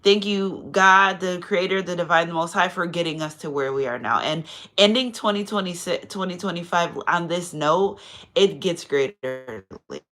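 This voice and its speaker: Speaking at a normal speed, this woman has a fairly low but bright voice with a forceful tone. As a tarot reader hosting her own channel, she offers viewers a casual spiritual card reading full of chatty digressions and repeated "you know what I'm saying," and becomes emotional and effusive when she thanks them.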